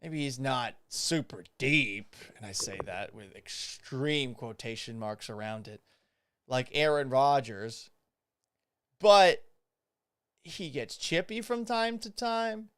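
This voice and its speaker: A male sports talk host with a smooth, resonant voice that swings up and down in pitch. He talks in a sarcastic, animated way and swears for emphasis. The sound is dry and close. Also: slow pace, dry recording. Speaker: podcast host. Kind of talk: sports talk show monologue.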